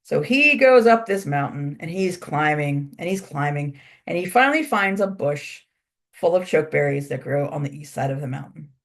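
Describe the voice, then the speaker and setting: A woman's voice: sits low, lively intonation, normal speed. A woman instructor telling a traditional story in a casual, chatty lecture.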